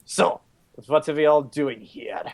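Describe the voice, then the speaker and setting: A haughty, suave assassin who speaks slowly in a lowered voice. A man puts him on during a tabletop game. He sounds unhurried and faintly disdainful. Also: vocal fry, darkish tone.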